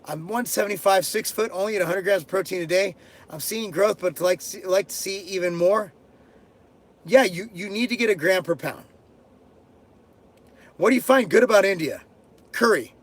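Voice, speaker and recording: Middle-aged dude doing a live q&a, fairly high voice, crude jokes, cusses a lot, blunt answers. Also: male voice, normal speed, pauses often. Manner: blunt, crude and joking, swears freely. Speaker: host answering viewer questions. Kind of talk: casual live-stream Q&A. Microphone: headphones and desk mic.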